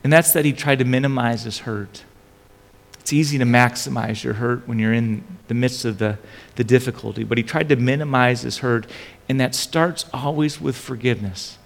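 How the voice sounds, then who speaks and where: Middle-aged male pastor, gravelly voice, animated sermon storytelling, reverberant hall. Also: medium pitch, normal speed. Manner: animated storytelling with frequent restarts.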